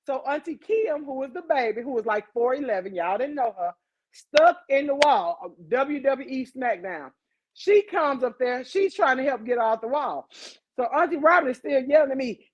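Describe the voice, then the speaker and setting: A woman hosting a podcast, telling a story in a casual, animated way, swearing freely and talking straight to her listeners. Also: high voice, normal speed, muffled recording, noisy background. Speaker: podcast host.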